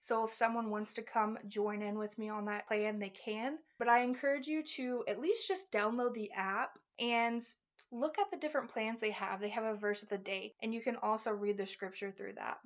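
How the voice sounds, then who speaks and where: A woman's voice: on the high side, normal speed, dull audio. A woman hosting a faith podcast, talking in an earnest, encouraging and heartfelt way, ending in prayer. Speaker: podcast host.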